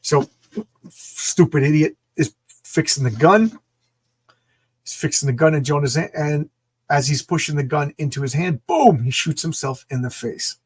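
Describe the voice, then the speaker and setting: A man co-hosting a comic book show, chatting excitably about a comic with many stammered restarts. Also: on the high side, normal speed, slightly rough. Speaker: comic book podcast co-host. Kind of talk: casual comic review chat.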